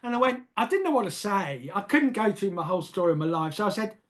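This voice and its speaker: A man's voice: high-pitched, very animated, fast. An older man from England tells a personal story in a casual interview, hesitant and often repeating words, laughing at himself.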